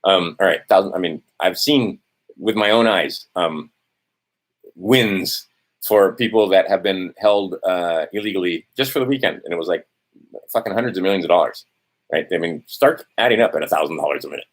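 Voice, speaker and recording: A man's voice: low voice, moderate pace. A man ranting to camera, swearing often, tossing in "right?" and losing his place in his notes. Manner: profane, testy, repeats "right?". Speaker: vlogger. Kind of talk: heated ranting monologue to camera.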